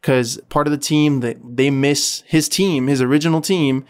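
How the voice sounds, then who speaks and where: A man's voice: on the high side, fairly even intonation, moderate pace, clear, resonant tone. A man hosting a podcast in casual chat, retelling a story in a rambling, profane way filled with "like". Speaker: podcast host.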